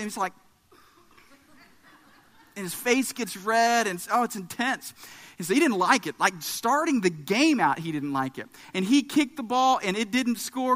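Man, thirties, pastor preaching, high voice, animated storytelling, long hall echo. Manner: animated storytelling with emphatic rises. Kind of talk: sermon with personal story.

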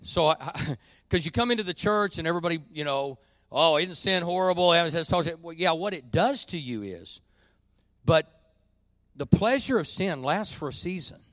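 High-voiced man preaching. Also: animated, a little slow, dry recording. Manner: folksy, swings from quiet confession to loud emphatic preaching. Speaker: pastor. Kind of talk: sermon. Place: church.

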